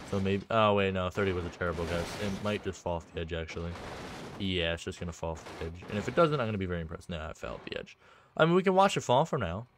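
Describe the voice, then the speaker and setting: A man's voice: on the low side, slight background noise. A man giving casual, rambling gameplay commentary on a map he built, upbeat and full of fillers and restarts. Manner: upbeat and easily excited. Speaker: game map creator and video creator.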